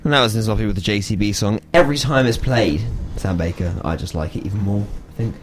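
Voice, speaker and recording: A man's voice: on the low side, fast, over music. A young man hosting a casual comedy podcast, joking around and laughing often. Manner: playful, laughs often, jokey asides. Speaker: podcast host.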